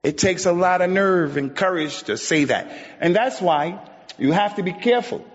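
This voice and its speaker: A male preacher giving an emphatic sermon, repeating his points and building to near shouts. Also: high-pitched, lively intonation, normal speed. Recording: dull sound with long hall reverb.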